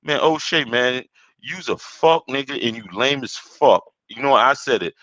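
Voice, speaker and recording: A man's voice: medium pitch, lively intonation, moderate pace, fairly bright tone, dry recording. A Caribbean-born man hosting a solo podcast, ranting heatedly with constant swearing and rambling repeats. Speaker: podcast host. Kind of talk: profane solo rant. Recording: dull lo-fi dry recording.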